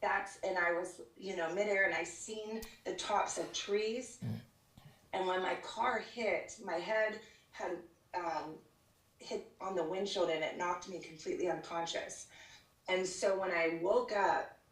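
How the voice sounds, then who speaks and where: A woman with a lowish voice, fairly even intonation and a measured pace guests on a live church show, giving her life testimony. She tells it earnestly as a story, with fillers and restarts, and the call audio sounds roomy and distant.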